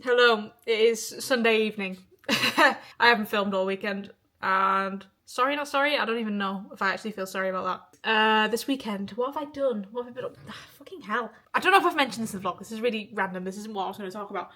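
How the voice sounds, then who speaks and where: A woman's voice: mid-range voice, fast, sharp tone. A young woman from the of England talking casually to camera in a weekly vlog, chatty and open, swearing freely and laughing often. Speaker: vlogger.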